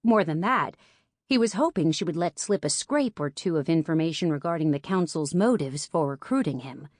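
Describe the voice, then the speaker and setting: A woman reads fiction aloud as an audiobook narrator, even and clear. Her voice sits low for a woman, and the sound is dry and close. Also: moderate pace, dry recording. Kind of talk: scripted narration.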